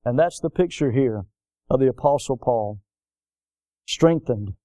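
A man preaching a sermon, telling folksy stories and swinging between loud emphasis and softer passages. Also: medium pitch, lively intonation, unhurried, dry recording. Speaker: pastor.

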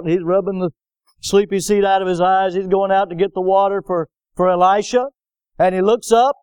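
High, smooth-voiced pastor, preaching with emphasis, dry sound. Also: male voice, a little mellow, no room sound. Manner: emphatic, with call-and-response questions to the congregation. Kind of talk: sermon.

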